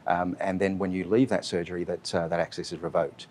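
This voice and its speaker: Fast-talking deep-voiced man. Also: level tone, a little mellow, a little hiss or hum. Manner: hesitant, heavy with fillers. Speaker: chief strategy officer. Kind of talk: interview answers.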